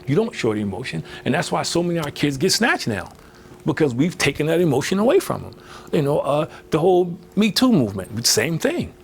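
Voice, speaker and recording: A man's voice: fairly high pitch, sing-song, fairly quick, gravelly, a little hiss or hum. A man giving a motivational workshop talk in a conversational way, filling with "you know" and acting out quoted voices. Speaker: motivational speaker.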